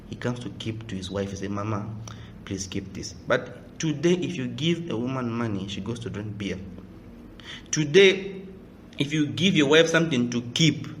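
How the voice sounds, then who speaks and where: A man preaches at a medium pitch, leaning hard on key words and firing off rhetorical questions at his listeners. He slips into the voices of the people he quotes. Faint background noise sits under his voice. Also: fairly bright tone. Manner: emphatic, rhetorical questions, acts out quoted speakers. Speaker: spiritual teacher. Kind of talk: preaching lecture.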